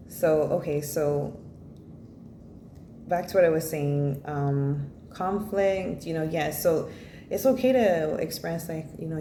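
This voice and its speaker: A woman with a deep, warm voice gives a relaxed spoken tarot reading. Blunt and wandering, she swears without restraint and fills gaps with "you know" and "like." There's echo and faint noise in the recording space.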